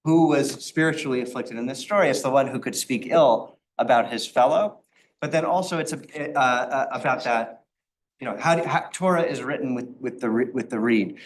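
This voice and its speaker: A man's voice: medium pitch, normal speed, a little hiss or hum. A rabbi teaching an informal Torah study class, talking in a conversational way and acting out the quotes in the stories he tells. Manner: conversational, with frequent restarts and acted-out quotes.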